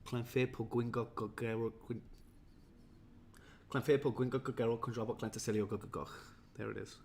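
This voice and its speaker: A man's voice: medium pitch, level tone, measured pace, darkish tone, a little hiss or hum. A tired, jetlagged man from Wales, rambling and self-mocking as he chats with viewers on a livestream. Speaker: livestream host. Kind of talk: casual livestream chat.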